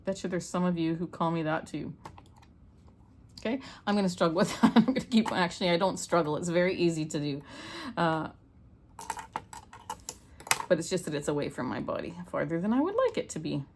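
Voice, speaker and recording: Briskly, yet pausing often, a middle-aged Canadian woman with a lower, slightly mellow voice talks through loom knitting as she works. The recording carries a little hiss or hum, and her step-by-step tutorial feels chatty and homey.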